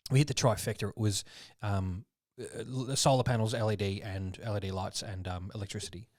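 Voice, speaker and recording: A man's voice: fairly low pitch, fairly quick, no echo, studio quality. A man, co-hosting a podcast in loose, casual chat full of swearing and acted-out bits. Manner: swearing, loose and animated, acts out prank-call voices. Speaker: podcast co-host.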